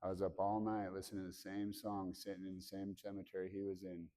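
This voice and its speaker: Low-voiced man telling a personal story. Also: completely flat delivery, dark tone. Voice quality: candid, halting, many fillers and restarts. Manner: acts out remembered dialogue with raised voice. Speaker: motivational speaker. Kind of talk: personal story told to a student audience. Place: school hall.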